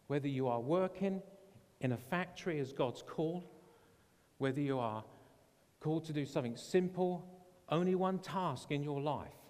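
A man's voice: medium pitch, a little mellow. Earnest male preacher in a reverberant hall. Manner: earnest, retells stories with quoted voices. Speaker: pastor. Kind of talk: sermon storytelling.

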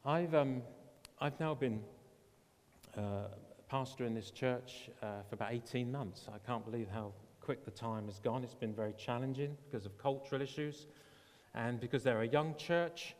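A man's voice: mid-range voice, moderate pace, a little mellow. A man preaching as a pastor, earnestly retelling a story and quoting the people in it. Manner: earnest, retells stories with quoted voices. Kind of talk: sermon storytelling. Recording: long hall reverb.

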